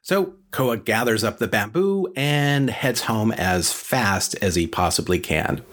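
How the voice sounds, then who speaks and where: A man's voice: on the low side, lively intonation, slow pace, fairly bright tone. Chatty man telling a folk tale. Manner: chatty, joking, lots of fillers. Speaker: storyteller. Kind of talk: casual storytelling.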